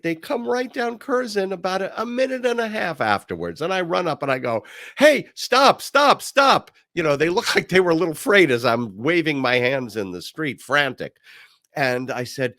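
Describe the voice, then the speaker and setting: A man hosting a podcast, telling a personal story in a casual monologue. He acts out the quoted voices at a higher pitch and drops low and quiet on his asides. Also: dry recording, clean studio sound. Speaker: podcast host.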